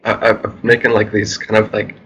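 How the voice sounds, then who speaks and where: A man being interviewed in a casual conversation, speaking in a calm, monotone, laid-back way. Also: fairly low pitch, normal speed, husky, poor audio. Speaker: interview guest, musician.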